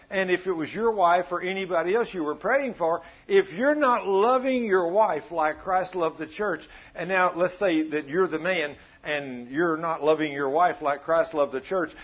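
A man preaching a sermon, telling stories in a folksy, animated way. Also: on the high side, breathy edge. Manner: folksy, animated storytelling with acted quotes. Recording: dull lo-fi sound.

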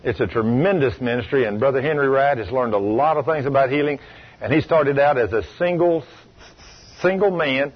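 Male preacher, husky voice, emphatic sermon storytelling, dull lo-fi recording. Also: medium pitch, moderate pace. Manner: emphatic storytelling, rhetorical questions.

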